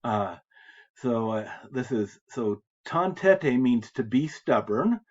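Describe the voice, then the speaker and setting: Taking it slowly, an American man speaks in a mid-range, slightly mellow voice as he teaches French reading. He voices French phrases, then walks patiently through their meaning in English. The recorded lecture has slightly dull, lo-fi audio.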